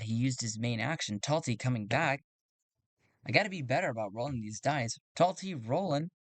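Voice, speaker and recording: A man narrating a solo tabletop game, thinking aloud and getting excited over dice rolls. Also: mid-range voice, no room sound. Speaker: solo game player and game master.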